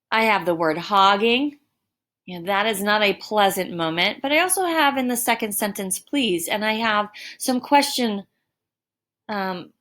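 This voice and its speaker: A woman teacher giving a recorded lesson, explaining deliberately with emphatic examples. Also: medium pitch, a bit bright. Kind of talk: recorded distance-learning lesson. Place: home.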